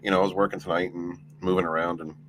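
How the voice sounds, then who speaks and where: A man's voice: low voice, little pitch movement, racing, background noise. A man streaming, chatting casually in a rambling, profane way and laughing often. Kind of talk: casual late-night stream chat.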